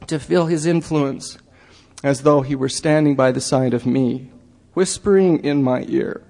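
A middle-aged man giving a halting, earnest church talk, full of fillers and self-deprecating asides. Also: a little high, darkish tone. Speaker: lay church speaker. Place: chapel. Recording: long hall reverb.

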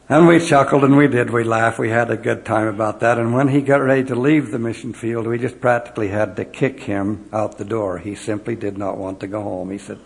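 A man's voice: medium pitch, fairly even intonation, moderate pace, gravelly. A man who led missionaries, giving a devotional talk to an audience and earnestly telling personal stories with acted-out dialogue. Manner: earnest storyteller acting out remembered dialogue. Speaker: former mission president addressing an audience.

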